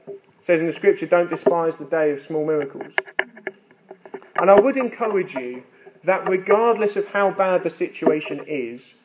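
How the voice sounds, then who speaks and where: A man's voice: sits high, a little mellow, a little hiss or hum, rough recording. Earnest man preaching a sermon. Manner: earnest and conversational, with light self-deprecating humor.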